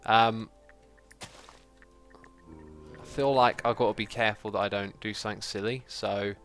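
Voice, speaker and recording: A man chatting casually as he streams a game, excitable and quick to laugh. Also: on the low side, faint music behind. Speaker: livestreaming gamer. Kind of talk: casual gameplay commentary.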